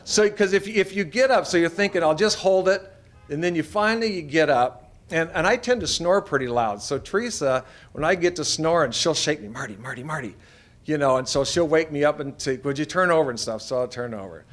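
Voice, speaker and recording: A man's voice: a little high, expressive, brisk, few pauses, a bit bright. Folksy middle-aged man telling stories. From Idaho, USA. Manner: folksy, anecdotal, acts out quoted voices. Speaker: veterinarian speaker. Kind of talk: storytelling talk to an audience.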